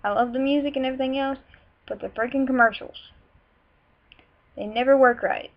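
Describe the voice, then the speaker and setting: A teenage girl with a Southern accent, rambling casually to a webcam with lots of fillers and quick irritated asides. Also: sits high, steady tone. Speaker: vlogger. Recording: muffled webcam audio with music behind.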